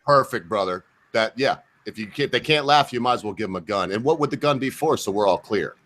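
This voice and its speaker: A man's voice: fairly low pitch, lively intonation, brisk, fairly bright tone. A man hosting a casual livestream chat, rambling, swearing and acting out the voices he quotes. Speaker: host.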